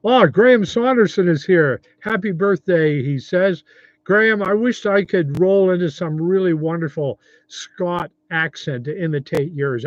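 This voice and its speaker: A man's voice: a little high, dry recording, dull audio. A 70-year-old man hosting a casual livestream, rambling in a friendly way and reading viewer comments aloud. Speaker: livestream host.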